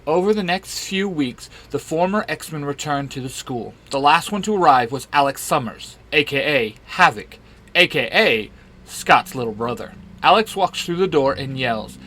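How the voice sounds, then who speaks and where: Brief: male narrator, expressive storyteller, bright tone. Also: medium pitch, normal speed. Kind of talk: reading a fan story aloud.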